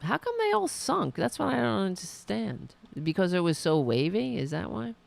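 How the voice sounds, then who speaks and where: A woman's voice: mid-range voice, sing-song, normal speed, gravelly, a little mellow. A woman podcast host giving sarcastic, mocking live political commentary and reading viewer comments aloud.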